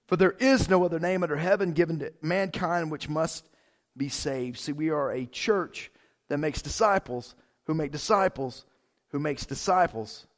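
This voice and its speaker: A man preaching a sermon as pastor, casual and excited, with big swells in volume. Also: fairly high pitch.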